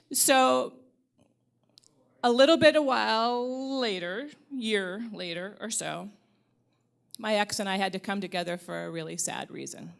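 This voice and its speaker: A woman's voice: fairly high pitch, creaky, fairly bright tone. A middle-aged woman from the Upper Midwest, telling a personal story at a live storytelling event in a wry, candid way and swearing freely.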